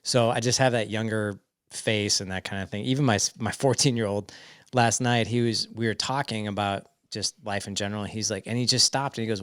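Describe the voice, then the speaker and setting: Man in his 40s, podcast guest, lowish voice, dry close recording, chatty storyteller. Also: fairly quick, no echo. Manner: animated, quotes family dialogue in stories. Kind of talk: casual storytelling chat.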